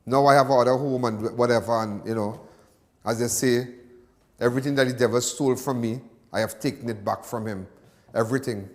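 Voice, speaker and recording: A man's voice: mid-range voice, fairly even intonation, brisk, long reverb tail. A Trinidadian man hosting a live crime show, talking in an emotional, repetitive monologue that rises into agitated ranting. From Trinidad and Tobago. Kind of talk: livestream monologue.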